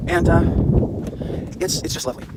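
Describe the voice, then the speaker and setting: A man's voice: a little high, a little slow. A man vlogging while walking a hiking trail, chatting casually and joking at his own expense into a handheld camera. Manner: joking, rambling, self-mocking. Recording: outdoor wind and traffic noise.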